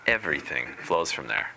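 Slow, low-voiced meditation teacher. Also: male voice, heavy background noise. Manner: unhurried, deliberate, gently playful. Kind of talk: spiritual talk.

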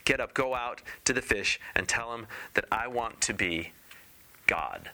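A greedy, bossy wife from a storybook, played by a man reading aloud. She issues orders in a lifted, commanding voice, clipped and bright. Never content, always wanting more. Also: mid-range voice, measured pace, slight background noise. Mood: demanding. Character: greedy, demanding fisherman's wife, never satisfied.

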